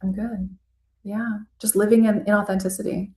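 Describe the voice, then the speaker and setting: A woman's voice: medium pitch, moderate pace. Woman guest telling stories in an echoey room. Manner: storytelling, animated when quoting herself. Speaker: therapist, guest. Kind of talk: casual interview chat.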